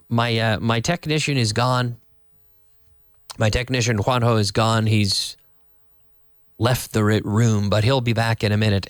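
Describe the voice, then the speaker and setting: A young adult man teaching English in a live online lesson, chatty, explaining phrases and repeating them slowly. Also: mid-range voice, clear, resonant tone, no room sound, clean studio sound.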